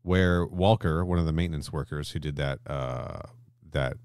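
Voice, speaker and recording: A very deep-voiced man recaps a story on a podcast, lively and loose, jumping into characters' lines as he goes. His voice is close and dry, with no room sound around it. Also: normal speed, clean tone, dry recording. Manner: animated retelling, acts out character lines, swears casually. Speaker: podcast host. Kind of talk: casual chat recapping a story.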